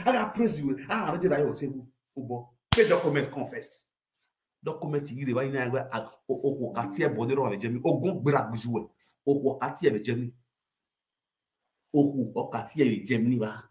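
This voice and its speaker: A man with a Nigerian accent telling a comic rant, animated, mixing Pidgin and local languages and bursting into shouts. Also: a little high, fast talker. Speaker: comedic storyteller. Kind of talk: comic rant sharing gossip. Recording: roomy echo.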